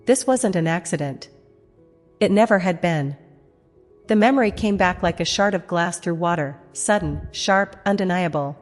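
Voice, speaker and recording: Low-voiced woman telling a dramatic story. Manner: measured, dramatic, heavy pauses. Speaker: narrator. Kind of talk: first-person dramatic story narration. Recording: long reverb, music behind.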